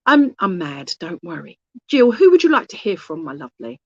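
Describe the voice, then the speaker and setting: A woman's voice: fairly low pitch, very animated, a little fast, husky, dry recording. A woman gives a mediumship reading into a phone she holds in her hand. She talks in a chatty, rambling way, loses her track and starts again, and keeps dropping fond little asides to her listeners. The sound is dry and slightly dull, like a lo-fi online stream. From England. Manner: affectionate asides to the audience. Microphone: phone held in hand.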